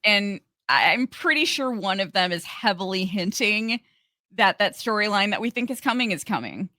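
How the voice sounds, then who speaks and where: Bright-voiced female podcast co-host, giggly and halting, dry close mic. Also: mid-range voice, animated, no echo. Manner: giggly, halting, many restarts. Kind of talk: casual podcast chat.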